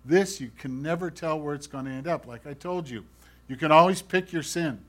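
This pastor's sermon is earnest and pleading, delivered at normal speed in a voice on the high side. He moves from forceful emphasis to hushed remarks and poses questions straight to his listeners.

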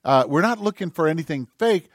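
A male pastor delivering a sermon with fervent conviction, his voice sitting a touch higher than most men's. He swings between pressed, emphatic phrases and hushed, almost whispered lines. The sound is close and dry, with no room around it. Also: lively intonation, fairly quick, no room sound. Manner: impassioned, swings from loud emphasis to near-whispers.

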